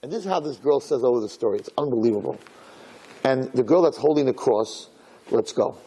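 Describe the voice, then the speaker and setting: In a sermon, a male rabbi tells an animated story, acting out the voices and sprinkling in Hebrew and Yiddish terms. His husky, medium-pitched voice moves briskly, and the recording quality is low.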